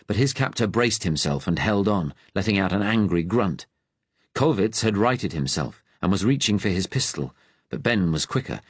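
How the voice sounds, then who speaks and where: A man with a fairly low voice narrates a wartime thriller audiobook at a steady, measured pace. The reading is close-miked and dry. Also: no room sound.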